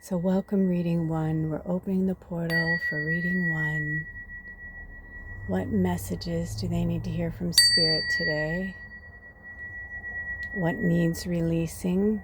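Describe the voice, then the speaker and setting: A woman giving a casual tarot reading, chatty and rambling, swearing casually and sometimes dropping into soft whispers. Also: lowish voice, level tone, takes it slowly, heavy background noise. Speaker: tarot reader and medium.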